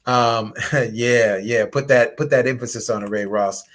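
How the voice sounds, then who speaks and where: A man hosting a late-night relationship chat who greets viewers by name and tells a Bible story in an animated, preaching style, acting out voices. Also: mid-range voice, measured pace, crowd noise. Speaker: host, relationship coach.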